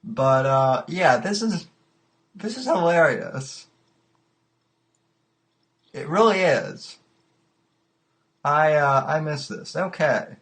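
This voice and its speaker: Slow-talking, halting male podcast host. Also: fairly high pitch, big pitch swings, a bit bright. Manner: halting, repeats words, amused. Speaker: podcast host taking calls. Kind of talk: casual live-stream chat.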